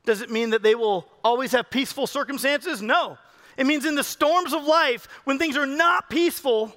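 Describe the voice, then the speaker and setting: A man's voice: very high-pitched, moderate pace, bright, forceful tone. A man preaching a sermon as pastor, talking in a conversational, joking way with his congregation and coaxing people up on stage. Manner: calls people up and coaxes them on stage.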